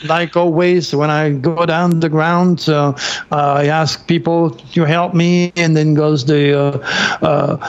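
A middle-aged man from France telling a personal story in an excitable, dramatic way, with slips in his grammar. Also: fairly high pitch, unhurried, smooth. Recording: dull lo-fi recording.

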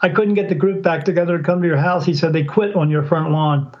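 Over a muffled recording with a crowd audible behind him, a man with a voice on the high side talks fast. He's a psychic podcast guest telling a story in a casual interview, animatedly acting out what others said by changing his voice.

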